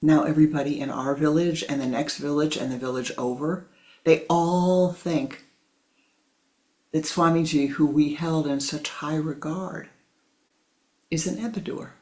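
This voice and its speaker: A man's voice: on the high side, steady tone, unhurried, darkish tone, close to an everyday voice, rough recording. Man putting on an outraged village father. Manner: incredulous, raising his voice.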